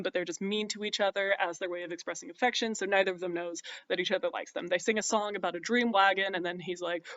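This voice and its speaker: A man's voice: sits high, fast, few pauses, fairly bright tone, no echo, dull audio. A man casually and sarcastically recapping a plot, chatty and irreverent, with lots of fillers. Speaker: comedic recapper.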